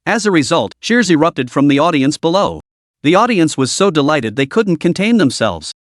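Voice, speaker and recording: Brief: male recap narrator, brisk storytelling, somewhat high, very lively pitch. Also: no echo, studio quality. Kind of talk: web comic recap narration.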